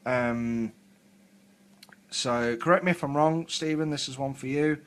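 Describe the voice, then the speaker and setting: A man's voice: medium pitch, unhurried, a bit bright. A southern English man chats casually on a hobby live stream from his desk at home. He rambles loosely and fills every gap with ums and likes. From England. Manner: rambling, filler-heavy, chatty.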